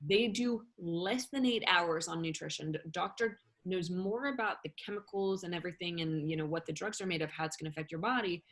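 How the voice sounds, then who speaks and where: A woman talking as an interview guest, rambling and animated, with many fillers and restarts. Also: fairly low pitch, a little fast, few pauses. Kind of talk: casual interview chat.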